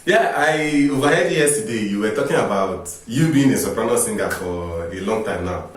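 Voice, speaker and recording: A man's voice: fairly low pitch, lively intonation, moderate pace. A man coaching singers, explaining with rhetorical questions in an informal teaching talk. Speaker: vocal coach. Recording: echoey room, distant mic.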